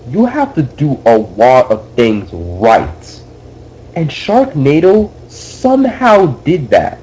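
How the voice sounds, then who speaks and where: A man's voice: a little high, warm tone, lo-fi sound, a little hiss or hum. A young man co-hosting a casual podcast, ranting about a bad movie with exasperated swearing. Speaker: podcast co-host.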